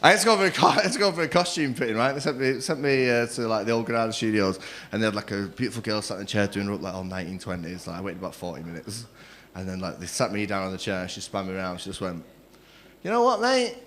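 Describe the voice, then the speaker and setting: Cheeky young comic. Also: male voice, fairly low pitch, fairly even intonation, fairly bright tone, slight background noise. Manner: crude, cheeky storytelling, acting out others in quick quoted voices. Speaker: stand-up comedian. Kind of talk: stand-up set. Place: comedy club stage. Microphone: stage microphone.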